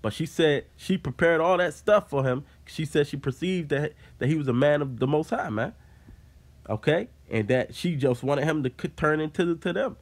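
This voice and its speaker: A man's voice: fairly high pitch, expressive, normal speed. Man reading and explaining scripture casually. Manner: reads scripture aloud then explains it in casual talk, with fillers like "man". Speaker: Bible teacher. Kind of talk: informal Bible study teaching.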